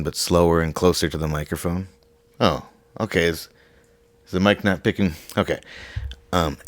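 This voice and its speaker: A young man hosting a comedy show, talking quietly in a deadpan way because he is sick with a sore throat, close to the microphone. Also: very deep voice, no room sound. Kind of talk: hushed comedic monologue.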